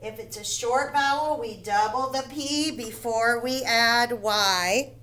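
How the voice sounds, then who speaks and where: A woman's voice: fairly high pitch, takes it slowly, sharp tone. A woman teaching a recorded phonics lesson to first graders, spelling words out letter by letter and checking in with "okay?" and "right?".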